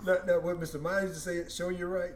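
A man's voice: sits high, little pitch movement, quick pace, slight background noise. A man from the interviewing an older guest, asking short questions and often restarting them. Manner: prompts with short questions, repeats words at the start. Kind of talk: casual interview.

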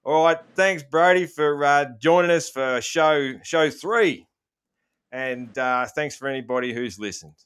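A man's voice: fairly high pitch, a little slow, smooth. Laid-back Australian man hosting a podcast. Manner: relaxed, rambling, many "um"s. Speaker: podcast host. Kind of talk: casual podcast chat.

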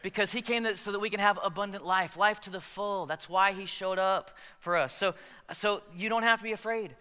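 Brief: male pastor, high-pitched and sharply forceful, chatty sermon with jokes, in a long-reverb hall. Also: brisk, clear, resonant tone. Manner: conversational, joking asides to the congregation.

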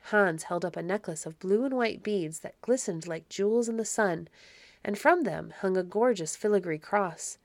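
A woman reads a classic children's novel aloud as a podcast narrator. Her delivery is measured and even, at a middling pitch. The recording is dry and close to the mic. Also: no room sound. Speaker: audiobook narrator.

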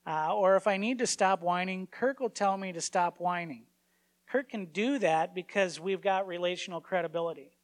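A man's voice: sits high, moderate pace. A man in his forties giving a conversational sermon as a pastor, informal and story-driven, with frequent fillers and restarts.

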